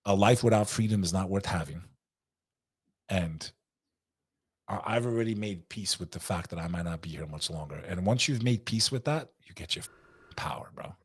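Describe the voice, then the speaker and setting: A man's voice: low voice, normal speed, breathy edge, no echo, studio quality. A man speaking as a podcast guest, emphatic and earnest, often calling the listener "bro". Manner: emphatic, peppers speech with "bro". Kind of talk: intense, earnest conversation.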